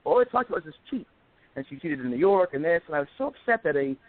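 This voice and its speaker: A man in his forties talks quickly and with energy, pitched a little high for a man. He tells stories as a guest and acts out the voices of the people in them. His voice comes down a tinny phone line with a dry, close sound. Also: no echo. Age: 40s. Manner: animated storyteller, acts out quoted voices. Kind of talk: casual chat.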